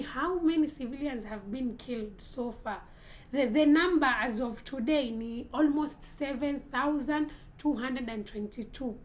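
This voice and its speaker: A woman's voice: high voice, rough recording. A young Kenyan woman from Lamu giving earnest vlog commentary, mixing Swahili into her English and pressing pointed rhetorical questions. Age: young adult. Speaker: content creator.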